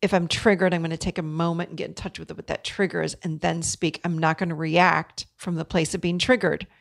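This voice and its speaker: A woman's voice: on the low side, level tone, a little fast, gravelly. A middle-aged woman hosting a podcast, talking earnestly and coaching her listeners directly. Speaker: podcast host. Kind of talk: solo podcast talk.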